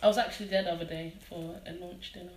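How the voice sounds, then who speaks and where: A woman's voice: fairly low pitch, fairly even intonation, fast, darkish tone, reverberant. A woman with a London accent hosting a casual live interview, chatty and bubbly. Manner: chatty and bubbly, laughs often. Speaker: host. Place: living room.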